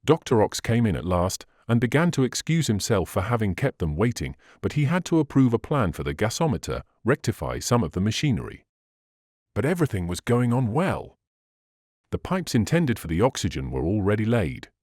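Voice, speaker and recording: A man narrating a classic novel as an audiobook in an expressive storytelling manner. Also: fairly low pitch, brisk, no room sound, studio quality.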